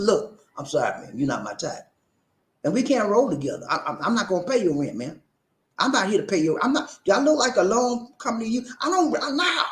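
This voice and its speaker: Hosting a relaxed livestream, this man reads viewer comments aloud in an animated, preachy manner, frequently laughing and repeating phrases. His voice is high and fairly quick, and the recording sounds roomy.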